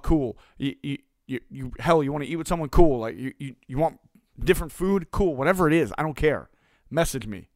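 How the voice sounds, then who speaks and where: A man's voice: a little high, no echo. A man giving a casual motivational talk as a business coach, blunt and profane, hammering points home through repetition.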